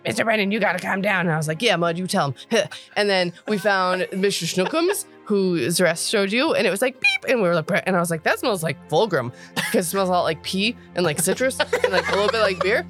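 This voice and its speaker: A woman voicing an excitable, simple young male creature in a tabletop game, rambling breathlessly. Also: mid-range voice, quick pace, music in the background, lightly acted. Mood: excited rambling. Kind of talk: tabletop role-play in character.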